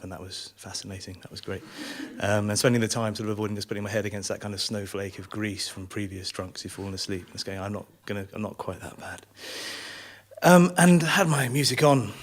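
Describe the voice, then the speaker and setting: A man's voice: on the low side, fast, hardly any pauses. A man telling a true story on a small theatre stage, wry, rambling and self-mocking. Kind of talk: live storytelling.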